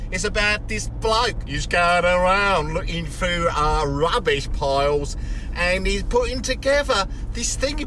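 A man's voice: high voice, fairly bright tone. A man leaving a voicemail while putting on a rambling, bumbling celebrity-actor voice that drifts between accents. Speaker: voicemail caller. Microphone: phone. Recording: noisy outdoor voicemail with traffic.

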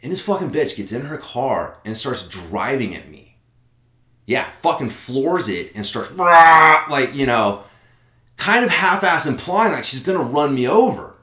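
A man's voice: mid-range voice, normal speed, reverberant. A man casually telling a story with lots of swearing and fillers. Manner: profane, animated, lots of fillers.

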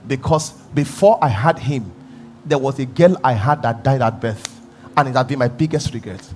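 Guy doing a sad old mother-in-law, quiet and low, kinda mournful. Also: normal speed, a little hiss or hum, natural voice. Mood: sorrowful. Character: grieving older mother-in-law, soft and sorrowful.

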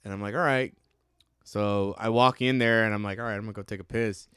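A man's voice: on the low side, steady tone, fairly quick, a bit bright, clean tone, no echo, clean studio sound. A man co-hosting a podcast, telling a profane, laughing story in casual chat. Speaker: podcast co-host.

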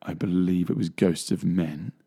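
A man with a low, gravelly voice talks in a loose, rambling way on a music chat show. His tone is dark and husky. He trails off into fillers and laughs often. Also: fairly even intonation, normal speed. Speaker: co-host, bass player. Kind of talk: casual chat. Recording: radio show studio mic.

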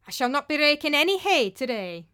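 A woman voicing a proud, stern older settler woman who speaks deliberately and commandingly. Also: high voice, sing-song, bright, forceful tone, voice pushed up, full character voice.

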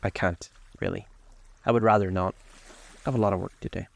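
A man reading aloud as a serious, anxious male painter who speaks gravely and pleads. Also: on the low side, fairly even intonation, a little fast.

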